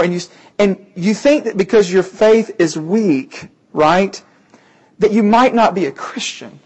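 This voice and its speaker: A man's voice: high-pitched, expressive, moderate pace. A man preaching a sermon, earnest and emphatic, often repeating key phrases for weight.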